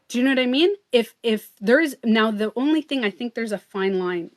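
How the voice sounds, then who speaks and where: A woman's voice: a little high, a little fast. Chatty woman livestreaming. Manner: chatty and earnest, many fillers like "like" and "you know". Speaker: livestream host and beauty coach. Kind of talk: casual livestream talk.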